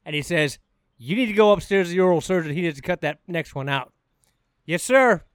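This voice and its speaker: A man's voice: high-pitched, animated, a little fast, clean tone, no echo, clean studio sound. A middle-aged man chiming in with crude, emphatic remarks in casual chat.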